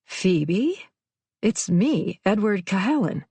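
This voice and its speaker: A woman's voice: medium pitch, very animated, takes it slowly, mellow, slightly rough, no echo, exaggerated voice. A woman doing a smug rich businessman. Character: smug wealthy businessman, condescending.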